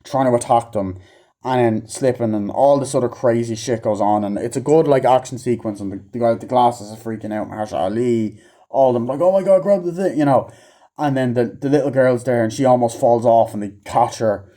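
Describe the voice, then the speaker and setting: Guy ranting about a movie, swears every other word, keeps doing the characters' lines, warm low-ish tone. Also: fairly quick. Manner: profane, rambling, acts out characters' lines in a raised voice. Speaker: movie reviewer. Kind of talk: casual rambling movie review.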